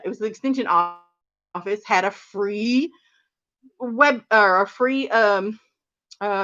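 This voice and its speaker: A woman chats animatedly with her viewers on a gardening livestream, calling them honey and y'all. Her voice is bright and a little sharp, pitched somewhat high for a woman. The stream audio sounds slightly dull and lo-fi. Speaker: gardening channel host. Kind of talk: casual livestream chat with viewers.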